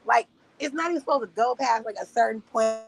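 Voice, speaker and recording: A woman in her thirties streaming, telling casual stories in a profane, laughing, animated way. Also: a little high, fast, gravelly, low-quality recording. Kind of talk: casual storytelling monologue. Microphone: streaming mic.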